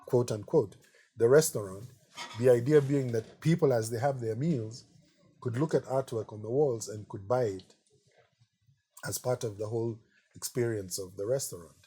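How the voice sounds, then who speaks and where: A middle-aged man, an artist being interviewed, telling relaxed anecdotes in a chatty way and often saying "you know". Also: medium pitch, moderate pace, slightly rough. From Kenya.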